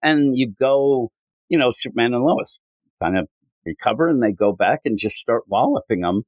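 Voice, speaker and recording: A man's voice: medium pitch, no echo, low-quality recording. A man co-hosting a podcast, reviewing comics in casual chat and acting out characters' lines. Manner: animated, acts out characters' lines in quick voices. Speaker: podcast co-host.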